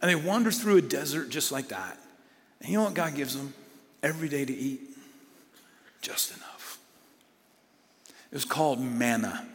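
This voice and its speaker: A man preaching a sermon, animated with playful asides, then dropping to hushed emphasis. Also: mid-range voice, a little fast. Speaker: pastor. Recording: long hall reverb.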